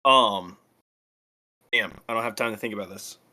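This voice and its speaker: Young guy, bright tone, laid-back podcast co-host who hesitates and thinks out loud. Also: fairly low pitch, normal speed. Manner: relaxed, hesitant, thinks aloud with ums. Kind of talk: casual chat.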